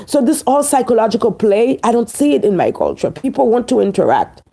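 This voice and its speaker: A woman with a Haitian accent delivers a fiery opinion commentary to her viewers. Her voice is mellow and a little husky, and her pitch swings widely. She preaches each point and repeats key phrases slowly for emphasis. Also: big pitch swings.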